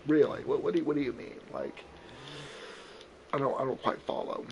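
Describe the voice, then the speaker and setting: Young man, gamer, gravelly voice, rambling, casual swearing, repeats himself. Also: medium pitch, normal speed, highs cut off, background noise. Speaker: gamer playing survival. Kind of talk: casual rambling chat while gaming.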